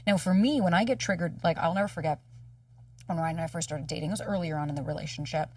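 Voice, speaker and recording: Fast-talking, husky-voiced woman coach. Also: low-pitched, dry recording, recorded from a distance. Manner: animated, swears casually, acts out quoted dialogue. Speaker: dating coach and podcast guest. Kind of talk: candid conversational storytelling.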